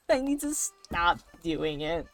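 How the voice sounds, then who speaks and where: A woman's voice: on the low side, sing-song, slow pace, a bit bright. A woman streamer chatting casually and rambling while she draws, swearing now and then. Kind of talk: casual chat while drawing. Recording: faint background music.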